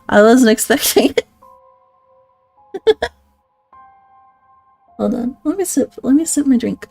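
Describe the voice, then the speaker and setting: A woman streamer reads documents aloud in a relaxed way, stopping now and then for joking, swearing asides. Her voice is mellow and slightly gravelly, with faint music playing underneath. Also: on the high side, a little slow, pauses often, no echo. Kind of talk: casual reading aloud with asides.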